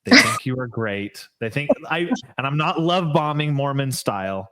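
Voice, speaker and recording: A man's voice: mid-range voice, lively intonation, normal speed, heavy background noise. Earnest rambling man hosting a podcast. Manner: rambling, earnest, lots of fillers. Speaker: podcast host. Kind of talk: casual interview chat.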